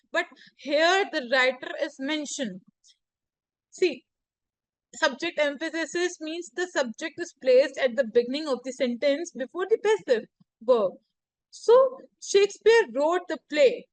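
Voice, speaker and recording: A woman with a high, bright voice teaches grammar online. She works slowly through one example after another, and her phrasing and pronunciation are non-native. The recording is close and dry, with no room sound. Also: dry recording, low-quality recording. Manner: explains step by step with repeated examples, frequent "so" and "here". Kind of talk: grammar lecture.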